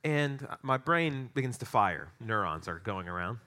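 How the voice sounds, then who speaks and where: A middle-aged pastor delivers a sermon, moving from prayer into a playful anecdote. His voice is bright and forward. His energy climbs into excited peaks as the story builds. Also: on the low side, unhurried.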